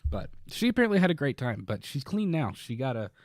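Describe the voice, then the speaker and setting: A man's voice: mid-range voice, sing-song, fast talker, no room sound, studio quality. A man co-hosting a podcast, telling a long story in casual chat, rambling with many fillers and restarts. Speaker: podcast co-host.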